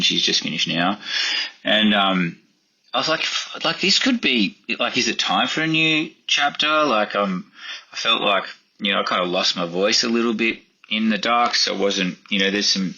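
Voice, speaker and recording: A very low, husky man, middle-aged, chatting loosely with plenty of fillers. His tone is bright and forward, and the recording sounds a little dull and muffled. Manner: rambling, lots of fillers, acts out quotes in a higher voice. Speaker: chef and podcast guest. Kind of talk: casual interview storytelling.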